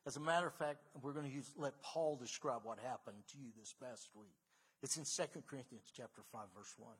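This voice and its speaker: A man's voice: medium pitch, a little fast, fairly bright tone, husky. A middle-aged man, a pastor, preaching a conversational sermon full of stories that rises to emphatic bursts.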